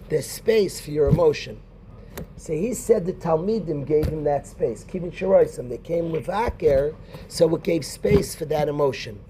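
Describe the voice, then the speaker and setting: A rabbi teaching a Talmud class in a conversational way, quoting Hebrew and Aramaic and calling on students by name. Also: male voice, fairly high pitch, dark tone, a little hiss or hum.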